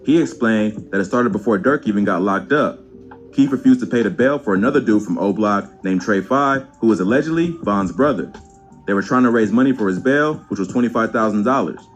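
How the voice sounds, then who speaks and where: A man reading a scripted documentary narration in an even, measured way. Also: on the low side, faint music behind.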